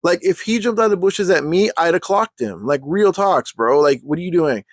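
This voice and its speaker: A man telling a story in a casual rant for his vlog, heated and full of slang, clearly fed up. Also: high-pitched, animated, normal speed, dry recording. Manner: heated, slangy, exasperated ranting.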